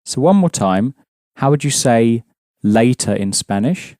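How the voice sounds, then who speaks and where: A man's voice: mid-range voice, lively intonation, measured pace, mellow, no echo, studio quality. A man teaching a language lesson, explaining patiently and prompting his students with questions.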